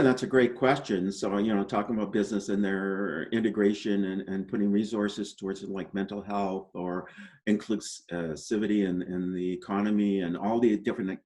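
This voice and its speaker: Low-voiced man, measured interview guest. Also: fairly even intonation, a little mellow. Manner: measured, peppered with "you know" and "right?"; optimistic explainer. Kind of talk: conversational interview answers.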